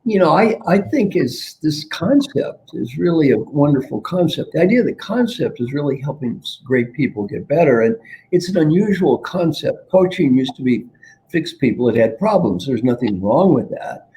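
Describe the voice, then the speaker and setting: An older man, a guest coach, talks reflectively in an interview, telling stories and repeating key phrases for emphasis. His voice is a little high and mellow, very animated, at a moderate pace. The audio quality is poor.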